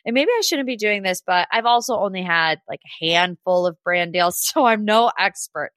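A sassy, gossipy woman recaps reality TV in a chatty, casual way, often talking straight to the people she discusses. Her voice sits at an ordinary middle pitch. The recording is dry, with no room sound. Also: lively intonation, normal speed, fairly bright tone, dry recording. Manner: chatty, with frequent "like" and laughs. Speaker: podcast host.

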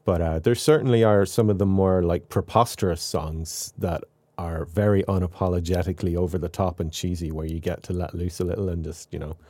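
A man with an Irish accent, a composer chatting as an interview guest, relaxed and carefully articulated, laughing often. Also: sits low, brisk, no room sound. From Ireland. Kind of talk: casual interview chat.

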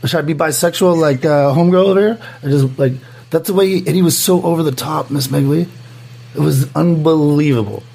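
A man co-hosting a casual podcast in a gravelly, husky voice that sits a bit high for a man. He tells his story with energy, acts out other people's lines and swears freely. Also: brisk. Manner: animated storyteller acting out quotes, heavy swearing. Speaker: podcast co-host. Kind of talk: casual chat.

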